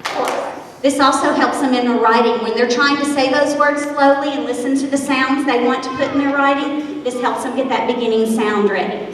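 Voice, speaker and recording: A high-voiced woman, a kindergarten teacher, addresses parents at a school celebration in an upbeat, encouraging way. She is recorded from far off in a big echoey hall. A faint hum sits behind her. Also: steady tone, a little fast. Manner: upbeat, leading children in call-and-response drills. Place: school gathering space.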